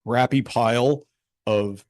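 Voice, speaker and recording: A man, a podcast guest telling candid personal stories in a blunt, profane, animated way, often checking in with "right?". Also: medium pitch, takes it slowly. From Houston, Texas. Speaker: podcast guest, photographer and realtor. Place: podcast studio.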